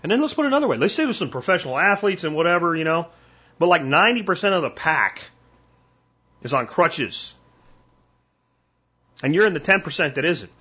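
An older man hosting a solo podcast, talking bluntly and emphatically in warning tones, with a husky voice. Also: a little high, very animated, fairly quick, pauses often, pushed and bright, muffled recording. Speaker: podcast host.

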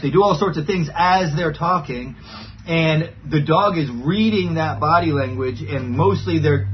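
A man's voice: a little high, a little hiss or hum. A man giving a casual talk as a dog trainer, explaining plainly and checking in with asides. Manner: explains with repeated "right?" asides. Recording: dull lo-fi sound with faint ambience.

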